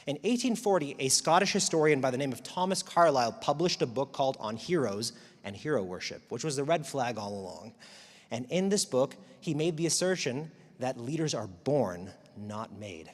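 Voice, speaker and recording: A man giving a live talk to an audience, animated, wry and emphatic. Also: medium pitch, normal speed. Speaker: speaker. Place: large auditorium. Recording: long hall reverb.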